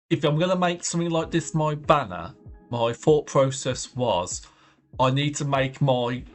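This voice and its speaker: A man talks his way through a drawing session on stream, wandering from thought to thought and trailing off mid-sentence. His voice sits at an ordinary middle pitch, and soft music plays faintly behind him. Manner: rambling, thinking aloud with soft trailing phrases. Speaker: art streamer. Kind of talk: casual livestream chat while drawing. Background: faint background music.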